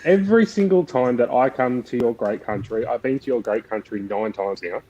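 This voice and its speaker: A man's voice: mid-range voice, normal speed, dull audio, very noisy. A man with an Australian accent, a guest on a panel, rambling in a dry, joking way with some hesitation. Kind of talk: casual panel chat.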